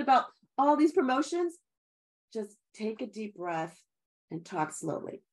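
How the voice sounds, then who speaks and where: A woman's voice: a little high, big pitch swings, measured pace. A middle-aged woman giving an upbeat sales training talk, chatty and encouraging, often laughing and calling her listeners guys.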